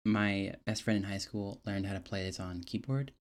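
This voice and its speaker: A man's voice: on the low side, moderate pace. A man in casual podcast chat, laid-back and telling stories with laughs.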